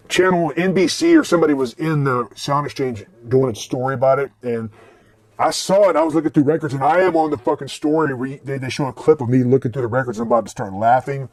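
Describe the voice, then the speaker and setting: A man's voice: mid-range voice, no echo. A man in his forties telling rambling, profane stories about record stores in a casual way. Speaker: vlogger and record collector. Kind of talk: casual storytelling.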